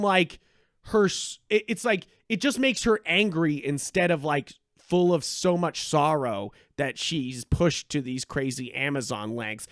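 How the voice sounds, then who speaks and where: A high-voiced man talks in loose, excitable podcast chat, full of swearing and false starts. The sound is dry and close to the mic, with no room around it. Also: no room sound. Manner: animated, profane, rambling with many restarts. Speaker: podcast co-host.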